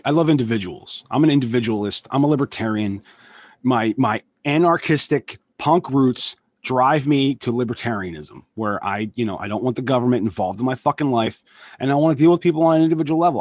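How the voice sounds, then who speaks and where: A man's voice: medium pitch, no room sound. A man, a punk musician guesting on a podcast, talking casually and rambling, swearing often and losing his thread. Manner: profane, rambling, loses his train of thought. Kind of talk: casual chat.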